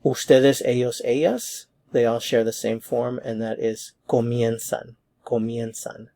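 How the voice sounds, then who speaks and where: Gravelly-voiced man teaching grammar patiently. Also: mid-range voice, steady tone, mellow. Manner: patient and methodical, repeats words slowly for practice. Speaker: Spanish teacher. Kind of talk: explanatory grammar lesson.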